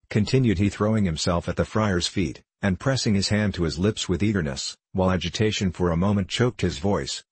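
Deep husky guy reading a gothic novel aloud, measured and formal. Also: dry recording. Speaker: audiobook narrator. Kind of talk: scripted narration of a gothic novel.

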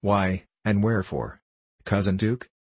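Man doing a loud blustering sleigh driver, deep voice, husky, storybook reading. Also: measured pace, no room sound. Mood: indignant. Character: boisterous joking male sleigh driver.

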